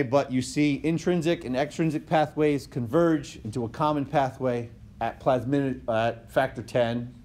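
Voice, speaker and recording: A man's voice: mid-range voice, a little mellow, slight background noise. A male instructor giving a recorded whiteboard lecture in a conversational way, often checking in with "okay?" and correcting himself mid-phrase. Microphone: tablet microphone.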